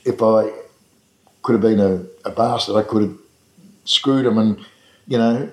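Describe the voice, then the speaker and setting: A man's voice: on the low side, a little slow. An Australian man telling long anecdotes about running his restaurant, rambling with frequent restarts and fillers in a casual interview. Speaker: restaurant owner recalling his past. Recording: echoey room.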